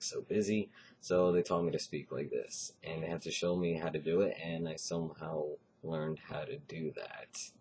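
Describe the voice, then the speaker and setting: Man, very low voice, mellow dark tone, casual rambling vlog talk, lots of fillers. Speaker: vlogger giving voice advice.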